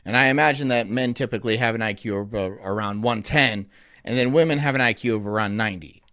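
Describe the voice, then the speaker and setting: A man's voice: fairly low pitch, quick pace, pushed and bright, smooth. A man rambling sardonically while streaming live commentary, laughing at his own jokes.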